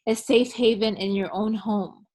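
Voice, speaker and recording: A young woman with a mid-range voice chats casually and tells stories with lively energy. She fills her speech with "like" and acts out both sides of exchanges as she goes. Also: medium pitch, measured pace. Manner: chatty, lively retelling with many "like"s. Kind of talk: casual conversation, animated storytelling.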